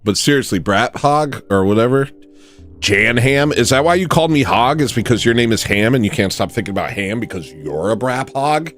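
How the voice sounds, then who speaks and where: A man hosting a livestream, rambling through a comedic monologue and acting out shouting kids. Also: mid-range voice, moderate pace, faint music behind. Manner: animated, jokey, often mimics shouting kids. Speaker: livestream host.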